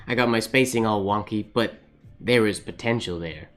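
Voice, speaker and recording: A man talks casually while he writes on a live stream, thinking aloud, laughing often and answering viewers as they comment. His voice sits a little low. Soft music plays faintly behind him. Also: normal speed. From Canada. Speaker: calligraphy livestream host.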